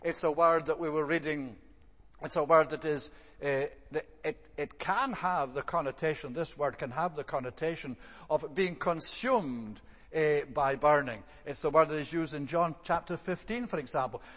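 A man giving an evening sermon. He speaks in a measured, thoughtful way, often pausing on "eh" and "uh.". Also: a little high, fairly bright tone, long reverb tail. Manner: measured, thoughtful delivery with frequent "eh" and "uh" restarts. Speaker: preacher.

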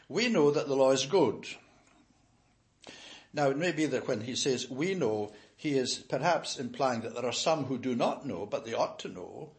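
An older man preaching an expository sermon, reading scripture aloud and then explaining it slowly with firm emphasis. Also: a little high.

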